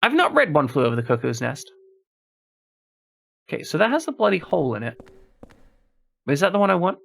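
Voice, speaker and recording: Gravelly man thinking aloud as he plays. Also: medium pitch, big pitch swings, fairly quick, long pauses, a bit bright. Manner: thinks aloud while solving a puzzle, chats to viewers. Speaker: streamer. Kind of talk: casual gameplay commentary.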